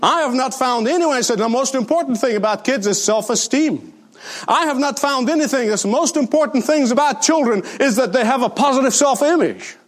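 A man's voice: extremely high pitch, expressive, fairly quick. A man preaching a sermon as a pastor, emphatic and repeating his points for weight.

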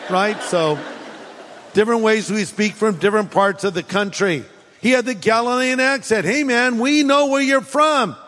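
A pastor from California with a Californian accent, preaching a sermon in a conversational, humorous storytelling manner. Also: male voice, high-pitched, a bit bright, big-room sound.

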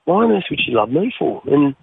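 An Australian man telling his life story as an interview guest, halting and repeating his words, often calling the host mate. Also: on the high side, big pitch swings, gravelly, slight background noise. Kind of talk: personal testimony in an interview. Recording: phone-like narrow line.

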